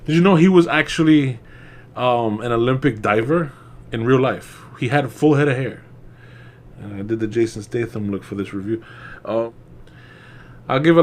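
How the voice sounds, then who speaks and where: Young man, casual movie reviewer, rambling and profane, laughs often. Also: mid-range voice.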